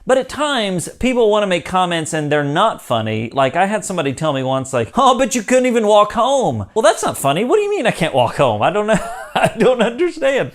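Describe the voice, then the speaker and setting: Young man, channel host, casual talk to camera, upbeat, laughs easily, fairly high voice, very lively pitch. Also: a little fast. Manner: upbeat, laughs easily, acts out quoted lines. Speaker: YouTube host.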